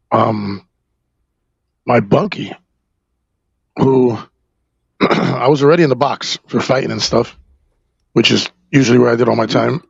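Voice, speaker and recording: A man from New Jersey tells a hard personal story on a podcast, his voice heavily gravelly and husky. He rambles and halts, circling back through fillers and swearing. The sound is dry and a little dull. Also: mid-range voice, no echo. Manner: halting, rambling, with frequent fillers and profanity. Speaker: podcast guest.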